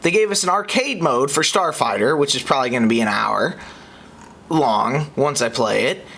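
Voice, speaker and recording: A young man from the United States hosting a podcast, reacting in an exasperated way that swings between high outbursts and low muttering. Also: animated, moderate pace, creaky, a bit bright. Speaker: podcast host.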